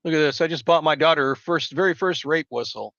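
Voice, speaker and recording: A man's voice: a little high, quick pace, creaky, a bit bright, dry recording. A man, hosting a live stream and telling rambling stories, swearing constantly. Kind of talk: profane casual storytelling chat. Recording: dull lo-fi dry sound.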